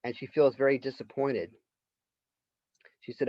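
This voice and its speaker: A man's voice: mid-range voice, moderate pace, a little mellow, dry recording. A male literature professor giving a college lecture, retelling a story in a casual conversational way. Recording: dull lo-fi lecture recording.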